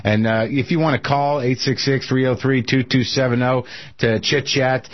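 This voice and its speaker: A male radio host in casual, jokey chat, often stopping and restarting his sentences. His voice sits at a middling pitch. It comes through a dull, lo-fi radio broadcast. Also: fairly even intonation, normal speed. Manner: chatty, jokey, lots of fillers and restarts. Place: radio studio.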